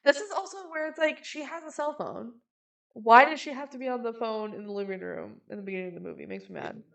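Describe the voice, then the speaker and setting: A chatty woman co-hosting a movie podcast, her voice sitting a little higher than most. She recaps scenes in a loose, conversational way and keeps slipping into quick impressions of the characters. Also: expressive, gravelly, fairly bright tone. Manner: chatty, retells scenes with quick acted quotes and laughs. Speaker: podcast co-host. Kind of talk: casual movie recap chat.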